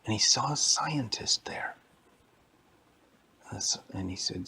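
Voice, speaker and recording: A man telling an improvised bedtime story to a child, in a hushed, half-whispered voice. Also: lowish voice, lively intonation, a little slow.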